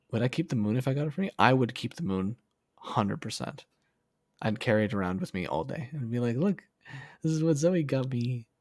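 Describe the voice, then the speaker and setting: A young man chatting casually on a livestream, reading comments in a soft, affectionate way and laughing often. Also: medium pitch, expressive, normal speed, no room sound, clean studio sound. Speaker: streamer.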